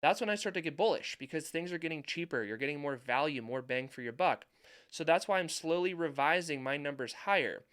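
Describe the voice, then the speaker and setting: Clear-voiced man talking stocks. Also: fairly high pitch, animated, a little fast, fairly bright tone. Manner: emphatic, repeats points for stress. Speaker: finance YouTuber. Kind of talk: market commentary over charts.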